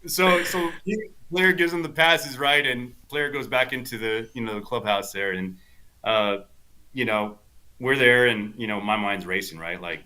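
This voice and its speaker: With a medium-pitched, pushed and bright voice at normal speed, this podcast guest, a golf instructor from South Texas, spins loose, filler-heavy stories. He brings the people he quotes to life with animation.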